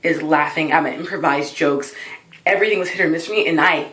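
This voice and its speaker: A woman in her early twenties telling a personal story in an excitable, dramatic way for her vlog. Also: low voice, fast, echoey room, rough recording. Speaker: vlogger.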